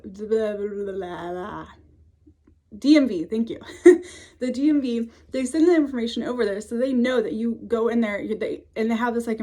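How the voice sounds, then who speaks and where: A woman's voice: a little high, dark tone. Chatty young woman vlogging. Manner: chatty, many fillers, laughs often. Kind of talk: casual storytelling to camera. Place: home office, indoors.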